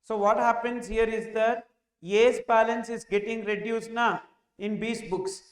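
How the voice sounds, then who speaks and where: A man teaching a tax class, asking questions and answering them himself as he dictates entries slowly. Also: sits high, steady tone, echoey room. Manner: asks and answers his own questions, slow dictation of entries. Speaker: tax lecturer. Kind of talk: classroom lecture.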